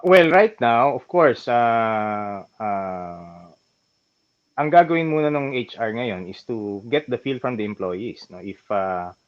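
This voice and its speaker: A man with a Filipino accent, a lawyer guest explaining calmly and adding "no?" to check understanding. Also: mid-range voice, dull audio. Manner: measured and explanatory, with frequent tag "no?". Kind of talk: casual interview answers mixing English and Tagalog.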